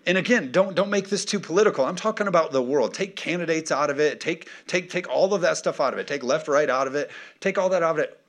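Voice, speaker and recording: A man's voice: on the high side, fast talker, hardly any pauses. A male pastor preaching an emphatic sermon, often calling for the congregation's response.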